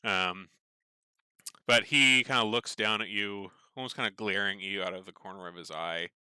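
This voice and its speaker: A male game master narrates a tabletop game in a meandering, loose way. His voice is low-set but bright and forceful. It sounds crisp and is recorded very dry and close. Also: normal speed, no room sound. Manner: meandering, many fillers and restarts.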